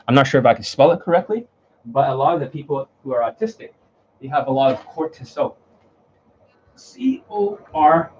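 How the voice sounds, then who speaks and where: A man's voice: medium pitch, slight background noise. A man talking as a dating coach in an unscripted monologue, rambling and blunt, with frequent profanity and fillers. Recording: dull lo-fi recording.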